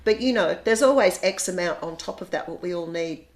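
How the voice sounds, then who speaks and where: A middle-aged Australian woman in casual chat, talking in a lively, chatty way and often restarting her sentences. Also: on the low side, fairly quick. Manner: chatty, repeats words when restarting. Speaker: guest, bed and breakfast owner.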